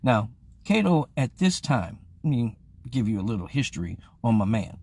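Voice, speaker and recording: This young streamer's mid-range voice is creaky, moving at a moderate pace in a dry recording. As host of a live-streamed show, he tells a profane tale with animated energy, acting out the voices and welcoming viewers mid-story.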